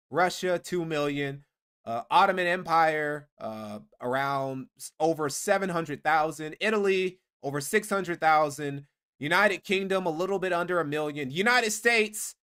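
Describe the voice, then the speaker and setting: A man hosting a live stream, talking in an animated, sarcastic rant. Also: a little high. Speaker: stream host.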